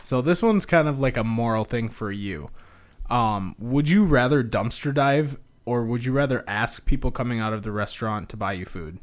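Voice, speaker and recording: A man's voice: medium pitch, moderate pace. A young adult man co-hosting a podcast, laid-back and slangy with plenty of swearing. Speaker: podcast co-host. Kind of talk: casual chat.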